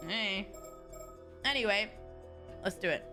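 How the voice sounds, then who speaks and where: A woman's voice: mid-range voice, takes it slowly, pushed and bright, faint music behind. A woman streamer chatting casually while playing a story game, giggly and talking to her chat.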